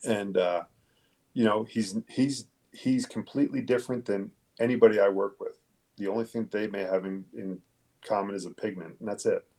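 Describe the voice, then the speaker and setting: In a low, gravelly, somewhat husky voice with a darkish tone, a police detective shares his story as an interview guest. He is blunt and emphatic, swearing freely, and keeps fairly even intonation at a normal speed.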